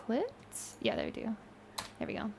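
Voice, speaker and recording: A young woman streaming a game live, excitable and laughing often, swearing freely and using casual gamer slang. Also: a little high, moderate pace, gravelly, breathy edge. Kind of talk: live-streamed gameplay chat.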